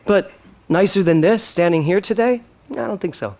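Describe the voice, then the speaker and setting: Animated, fairly high-voiced male minister. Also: normal speed, creaky, slight background noise. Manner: animated, emphatic, draws replies from the congregation; earnest and openly emotional. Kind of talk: sermon.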